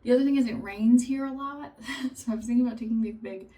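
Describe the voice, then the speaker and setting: A woman's voice: on the high side, quick pace. Chatty mom in her thirties, mic far off. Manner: chatty, animated storytelling, acts out family members' lines. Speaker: vlogger and mother of three. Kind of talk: casual chat to camera.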